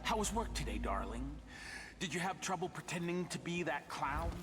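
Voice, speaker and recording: A man voicing a scheming ducal body double, smooth, wry and confident. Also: fairly high pitch, sing-song, normal speed. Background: game music.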